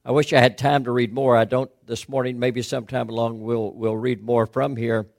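Earnest middle-aged preacher, dry sound. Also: male voice, medium pitch, little pitch movement, moderate pace, vocal fry, dry recording. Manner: earnest questioning preaching, rising to emphatic peaks. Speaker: pastor. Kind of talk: sermon.

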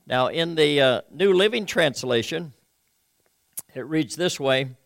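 Pastor, male, earnest sermon delivery with hesitant fillers; gravelly, slightly higher-pitched voice. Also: animated, takes it slowly, a bit bright, no room sound. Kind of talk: sermon with scripture reading.

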